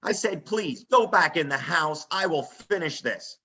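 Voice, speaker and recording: A man telling a story in a casual, animated way on a front porch, as a podcast guest. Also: a little high, unhurried. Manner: animated, acts out quoted voices.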